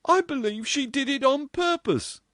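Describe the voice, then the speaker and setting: A man voicing a spiteful young office girl with a sharp, catty manner. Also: very high voice, fairly even intonation, brisk, no echo, clean studio sound, voice pushed up.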